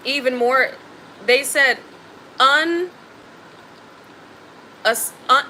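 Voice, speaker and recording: Woman tarot reader, bright high voice, blunt and slangy, faint noise behind. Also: very slow, pauses often, poor audio. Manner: emphatic, blunt and slangy, swears freely. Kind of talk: spiritual tarot reading.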